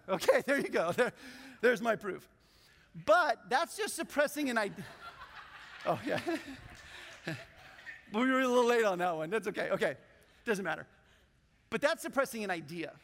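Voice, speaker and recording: A man's voice: very high-pitched, a bit bright, in a large hall. A male pastor preaching a sermon, joking and calling on the congregation to join in. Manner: playful, joking, audience participation. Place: large church hall.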